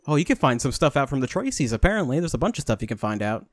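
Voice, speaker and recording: A young man casually commentating a video game as he plays, excitable, laughing often and swearing at the screen. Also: mid-range voice, racing, dry recording. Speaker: gaming YouTuber. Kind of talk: casual let's-play commentary.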